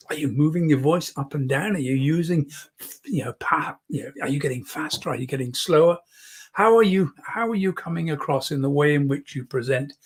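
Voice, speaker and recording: This man's voice is fairly high with a breathy edge. As a speaking coach giving an online public speaking lesson, he demonstrates changes in volume and emphasis up close on a mic that moves in and out.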